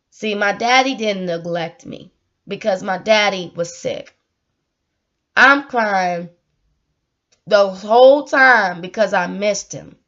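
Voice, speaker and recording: Earnest high-voiced woman sharing her story. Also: fairly bright tone. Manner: earnest, heartfelt, repeats herself for emphasis. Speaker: vlogger. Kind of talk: emotional personal storytelling. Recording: dull lo-fi audio.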